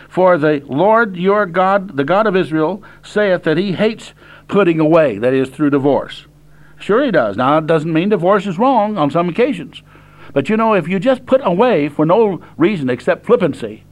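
Older man preaching, high plain-spoken voice. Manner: plain-spoken, reads verses slowly then explains. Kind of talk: sermon reading and explaining scripture.

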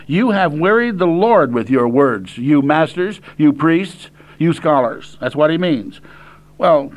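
Older male preacher with a high voice and a plain-spoken manner. He reads verses slowly, then explains them directly. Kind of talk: sermon reading and explaining scripture.

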